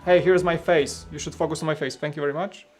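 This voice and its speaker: A man's voice: fairly high pitch, steady tone, fast, faint music behind. A man hosting a casual live stream while building, rambling and thinking aloud to his chat into a studio mic at his home setup.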